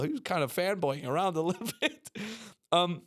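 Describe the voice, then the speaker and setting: A man's voice: high-pitched, expressive, a little fast, a bit bright. A man telling stories as a podcast guest in casual chat, swearing freely, acting out other people's lines and laughing often. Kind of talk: animated storytelling, casual chat.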